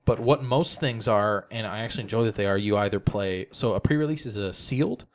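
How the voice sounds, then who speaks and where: Relaxed man explaining at length, low voice. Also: a little fast. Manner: explains card game rules at length, relaxed and chatty. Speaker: podcast co-host. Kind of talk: casual chat.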